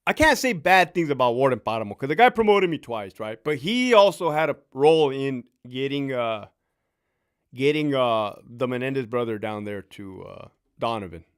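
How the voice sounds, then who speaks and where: A man with a medium-pitched, smooth voice talks at normal speed. Once a prison officer and now in his fifties, he shares profane stories punctuated by plenty of laughter during an easygoing live stream, animated throughout.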